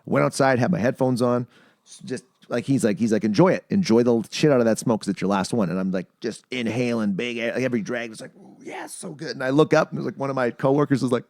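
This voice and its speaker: An animated man tells stories during a casual podcast chat, acting out the voices of the people he quotes. He's the host, talking fast at a medium pitch, with studio-quality sound and no room noise.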